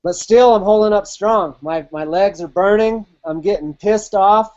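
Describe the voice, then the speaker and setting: A man's voice: high voice, normal speed, a little mellow, highs cut off. A man telling a personal race story in a casual, vivid way, with swearing and quoted inner thoughts. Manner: vivid, profane, replays his own inner voice. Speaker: podcast host.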